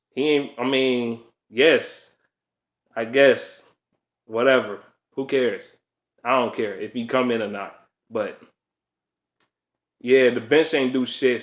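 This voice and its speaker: A man ranting about a lost basketball game, swearing often, repeating himself and laughing in disbelief. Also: fairly bright tone. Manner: pitch jumps up sharply when worked up. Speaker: basketball fan vlogger. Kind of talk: angry game recap rant.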